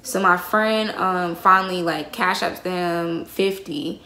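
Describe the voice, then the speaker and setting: A woman's voice: lowish voice, takes it slowly, pushed and bright. A young woman telling a heated, profanity-laced story to her viewers, calling them y'all. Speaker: vlogger. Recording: roomy echo.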